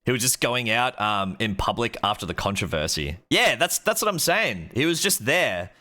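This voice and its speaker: A man's voice: medium pitch, very animated, normal speed, pushed and bright. A young Australian man and streamer, telling a story in a rambling, casual way with lots of fillers and swearing.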